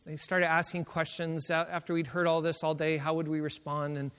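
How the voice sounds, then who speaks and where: A man's voice: fairly high pitch, little pitch movement, a little fast, fairly bright tone, clean tone. A middle-aged male preacher telling personal stories in a sermon, emotional and laughing often as he goes. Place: college chapel. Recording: chapel recording with long reverb.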